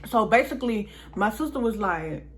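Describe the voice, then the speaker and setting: A woman's voice: medium pitch, expressive, normal speed, a bit bright. A young woman vlogger telling a story in a casual, chatty way, talking straight to her viewers.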